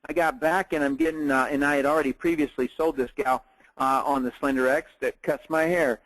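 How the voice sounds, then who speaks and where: A man's voice: a little high, steady tone, a little fast, a bit bright, no echo, low-quality recording. A middle-aged man giving a webinar business training in a casual, storytelling way, with lots of fillers. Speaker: network marketing trainer.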